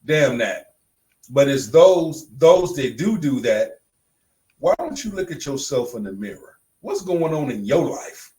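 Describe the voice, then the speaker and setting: A man's voice: medium pitch, very animated, a little slow, mellow, poor audio. A man co-hosting a podcast in casual chat, blunt and emphatic, repeating phrases for punch. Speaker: podcast co-host.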